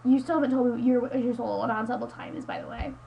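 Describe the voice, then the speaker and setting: A woman's voice: a little high, steady tone, racing, gravelly, dark tone, a little hiss or hum, low-quality recording. A teenage girl ranting into her webcam at home, rambling and exasperated, saying "like" constantly. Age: teens. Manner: exasperated, rambling, heavy use of "like". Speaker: high school student vlogger.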